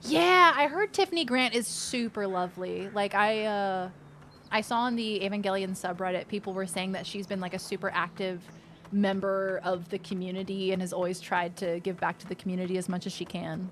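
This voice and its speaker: A woman streaming a game, chatting casually and reacting with animated outbursts and swearing. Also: medium pitch, fairly quick, slight background noise. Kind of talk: casual gaming commentary.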